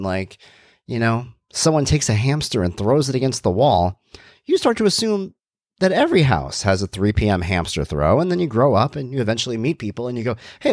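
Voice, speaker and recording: A man's voice: mid-range voice, darkish tone, dry recording, clean studio sound. A middle-aged man hosting a podcast, talking candidly in a rambling monologue with jokey asides. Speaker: podcast host.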